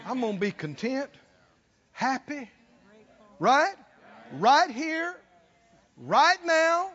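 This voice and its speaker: Very high-voiced, bright-toned male preacher. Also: big-room sound, muffled recording. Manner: emphatic, exhorting, fires rhetorical questions at the congregation. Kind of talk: sermon.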